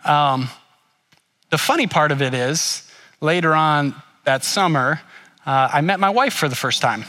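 A middle-aged man gives a sermon through a story from his own life. His voice is bright and somewhat high. He tells it with animation and drops to a near whisper for embarrassed asides. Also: unhurried. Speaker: pastor.

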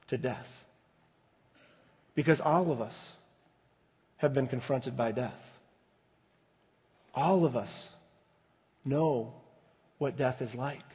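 A pastor delivers a slow, measured sermon in a fairly high voice, letting it fall to a soft hush at tender moments. Long reverb from a large hall surrounds him, like a church recording.

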